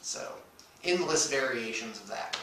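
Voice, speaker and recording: A man co-hosting a casual morning chat, full of dry self-mocking jokes and stop-start pauses. His voice is bright and lively in tone. He sits back from the microphone in a strongly echoing room. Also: medium pitch, a little hiss or hum. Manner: dry, self-mocking humor with frequent hesitations. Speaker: radio show co-host. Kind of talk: casual banter. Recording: echoey room, distant from the mic.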